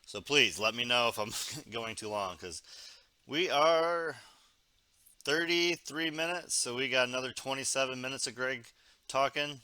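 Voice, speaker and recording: A man's voice: medium pitch, measured pace, sharp tone, clean tone, dry recording. A man hosting a live stream, chatting casually about an interview he is watching, swearing and laughing along. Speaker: stream host reviewing an interview.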